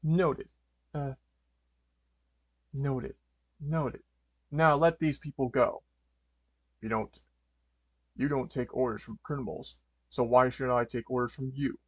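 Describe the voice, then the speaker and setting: A man's voice: mid-range voice, takes it slowly, pauses often, dry recording, dull audio. A man voicing a heroic male superhero dog, earnest and a bit stammering, raising his voice for hero lines.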